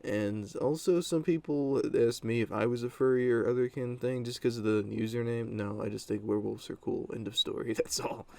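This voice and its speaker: Gravelly young man telling a blunt story. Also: medium pitch, fairly even intonation, moderate pace, few pauses, mellow. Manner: blunt and casual, with many fillers and crude words. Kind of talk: casual storytime monologue.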